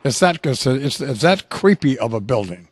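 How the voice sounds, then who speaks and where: A man's voice: mid-range voice, very animated, moderate pace, slightly rough, dry recording. A man hosting a talk radio show, chatting in a dry, sardonic, needling way at the studio microphone. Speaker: radio host. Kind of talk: casual talk radio banter.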